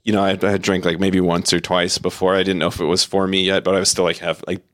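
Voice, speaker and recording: A man with a very low voice tells tour stories in a relaxed, rambling way, full of fillers and false starts. He acts out the people he quotes. The sound is dry and close. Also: fast talker, no echo. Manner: rambling, many fillers and restarts, animated quoting. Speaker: podcast guest, metal vocalist. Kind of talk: casual chat, storytelling.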